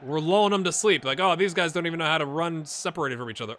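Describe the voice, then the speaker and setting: A middle-aged man giving live gameplay commentary on his football management game, swinging from low mutters to excited shouts. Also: rapid-fire, hardly any pauses, a little hiss or hum. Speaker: gaming YouTuber.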